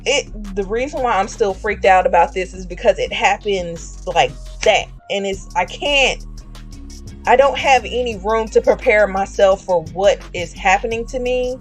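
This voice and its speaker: Female streamer, mid-pitched, casual storyteller who acts out voices; faint music behind. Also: unhurried. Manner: chatty, acts out voices with slang.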